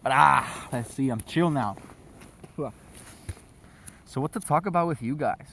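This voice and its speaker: A man's voice: mid-range voice, measured pace, gravelly, fairly bright tone, slight background noise. A man vlogging outdoors on his phone at sunset, rambling loosely with constant swearing. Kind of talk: casual rambling rant to camera.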